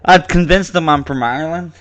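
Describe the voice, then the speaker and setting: A young man chats loosely as a podcast co-host, his high voice climbing as he laughs. His speech runs a little slurred, and he rambles through stories, cursing freely. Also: brisk, fairly bright tone, smooth. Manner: rambling, laughs often, swearing. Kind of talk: casual chat.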